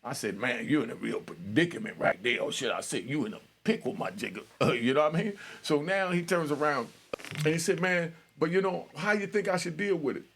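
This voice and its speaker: A man's voice: on the high side, animated, a little fast, gravelly, a bit bright, a little hiss or hum. A middle-aged man casually telling a street story in his own talk, acting out both sides of phone calls. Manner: street-talking, retells conversations with quoted voices. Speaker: storyteller host.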